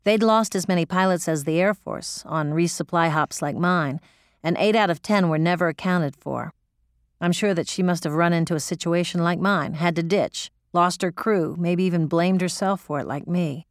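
Lady reading a gritty first-person story, lowish voice, swears a lot, dry close mic. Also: normal speed, dry recording. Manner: gritty, profane, emotional storytelling. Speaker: audiobook narrator. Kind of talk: first-person audiobook narration.

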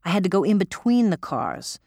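A woman's voice: mid-range voice, very animated, a little fast, gravelly, darkish tone, dry recording, studio quality. A woman narrating in the first person as an audiobook reader, gritty, profane and emotional.

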